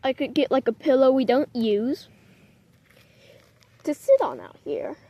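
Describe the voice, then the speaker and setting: A woman's voice: high voice, unhurried, dull audio. A young woman talking casually to her camera outdoors in the cold, rambling and often apologizing. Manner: chatty and rambling, with frequent apologies. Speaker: vlogger. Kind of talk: casual outdoor vlog chat. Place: outdoors in the cold, sitting on rocks.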